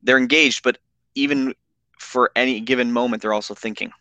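A man interviewing a guest in casual chat, giving short quick reactions and comments. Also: medium pitch, fairly even intonation, sharp tone, clean tone, no room sound. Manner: brief backchannel, quick reactions.

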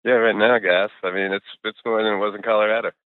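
Deep-voiced middle-aged guy rambling easy as a guest, lots of "uh" and swearing, tinny phone line. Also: flat delivery, fast talker, no room sound. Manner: laid-back, rambling, heavy on fillers and swearing. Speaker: guest musician. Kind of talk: casual interview chat over a call.

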